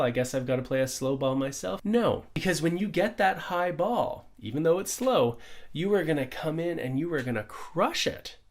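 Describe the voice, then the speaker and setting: A middle-aged man, a pickleball coach, giving an upbeat conversational lesson full of rhetorical questions. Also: sits high. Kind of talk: instructional explainer.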